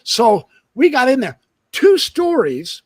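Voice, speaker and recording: Man, 60s, lively storyteller, high swooping voice, dry sound. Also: slow, dry recording. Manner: animated, exaggerating storyteller. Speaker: guest storyteller. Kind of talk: casual livestream chat.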